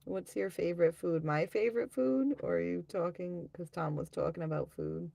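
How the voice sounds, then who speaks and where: A woman's voice: lowish voice, creaky, dark tone, no room sound. A woman hosting a live stream, reading viewer comments aloud and chatting in a rambling, offhand way. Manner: rambling, offhand, quick to laugh at herself. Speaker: livestream host.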